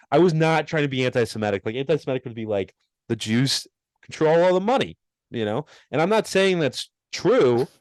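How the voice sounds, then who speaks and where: A man's voice: medium pitch, a little mellow, no room sound. A young man co-hosting a podcast, rambling through a story with lots of laughter and self-mocking asides. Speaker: podcast co-host. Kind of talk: casual chat.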